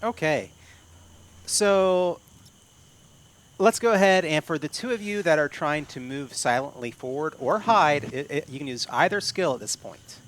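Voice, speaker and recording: A man's voice: fairly high pitch, animated, a little slow, a bit bright. A man running a tabletop spy game as game master, describing the scene at length with many fillers.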